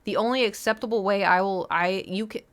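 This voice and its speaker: This young woman streamer has a mid-range, fairly bright voice with fairly even intonation, and she talks a little fast. In casual live-stream chat, she wanders through stories full of fillers and false starts.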